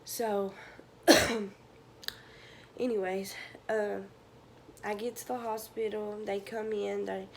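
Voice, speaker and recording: A young woman speaks to her camera in an ordinary middle pitch, emotional and halting. Her voice at times sinks to a whisper, and a faint hiss sits under the recording. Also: level tone, vocal fry. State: tearful. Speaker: vlogger. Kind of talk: personal storytelling to camera.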